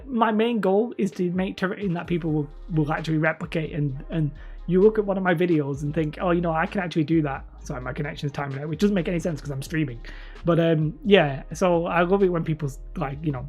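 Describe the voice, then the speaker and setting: Host of a live stream: a low, husky-voiced woman with a slight lisp, rambling and correcting herself, with faint music behind. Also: brisk, a little mellow. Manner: rambling, self-correcting, laughs often. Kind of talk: casual livestream chat.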